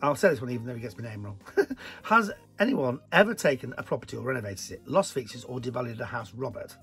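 Gravelly, chatty man from the north. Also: medium pitch, fairly quick, faint music behind. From northern England. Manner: chatty, animated, jokey asides. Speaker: presenter answering viewer questions. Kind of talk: casual Q&A chat.

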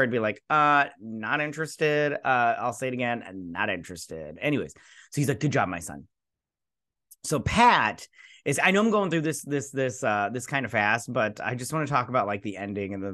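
A young man hosting his own channel, recapping and reviewing a TV episode in a rambling, casual way with lots of ums and likes. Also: mid-range voice. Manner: rambling, filler-heavy, animated retelling. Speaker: YouTube show host.

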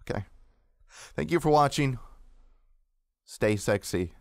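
In a dry recording, a young man with a fairly low voice and lively intonation gives a slow, pause-filled play-by-play of his own game. He keeps it casual, joking and self-mocking.

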